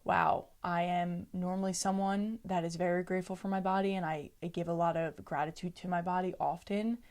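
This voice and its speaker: A woman's voice: fairly low pitch, steady tone, brisk, darkish tone. A young woman co-hosting a podcast, talking earnestly and reflectively in casual chat, often breaking into laughter. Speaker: podcast co-host.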